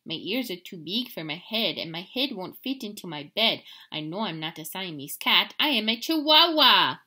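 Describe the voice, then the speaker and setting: A woman voicing an excitable, boastful young male kitten from a picture book, chanting with a mock Spanish flair. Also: mid-range voice, moderate pace. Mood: excited.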